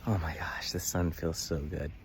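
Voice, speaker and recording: Man, deep voice, earnest casual vlog, phone at arm's length, outdoors, faint background noise. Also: level tone, normal speed. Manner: earnest, emotional, many fillers. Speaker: vlogger. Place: outdoors in the sun.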